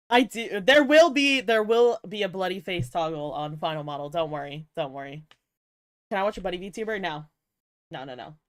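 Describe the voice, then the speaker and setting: A woman's voice: lowish voice, normal speed, no room sound, studio quality. A young woman VTuber chatting casually with her viewers, playful and giggly, teasing them and swearing often, a little tired. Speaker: VTuber streamer. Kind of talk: casual livestream chat with viewers.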